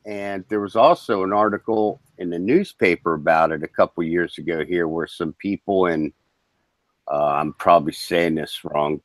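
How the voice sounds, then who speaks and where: A man's voice: low voice, no echo, rough recording. A man co-hosting a podcast in casual talk, speaking hesitantly and mostly adding short agreements. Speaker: podcast co-host.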